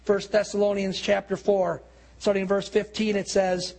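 A man preaching earnestly, slowing down and dropping low and quiet at solemn points. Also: flat delivery. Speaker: pastor. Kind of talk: sermon.

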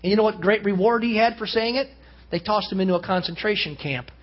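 A male pastor preaching a sermon to a congregation, his delivery rising to loud emphasis and dropping to hushed tones. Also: sits high, fast. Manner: earnest preaching that swells loud and drops to hushed. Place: church. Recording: dull lo-fi sound.

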